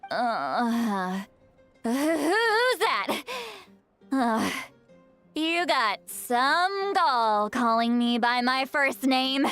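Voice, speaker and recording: An actress voicing a tipsy, grumpy, ageless female shaman who rants gruffly and slurs her words. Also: high voice, sing-song, drawn-out words, fairly bright tone, faint music behind, heavily acted. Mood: gruff, ranting. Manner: gruff, slurring, self-pitying rants. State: drunk.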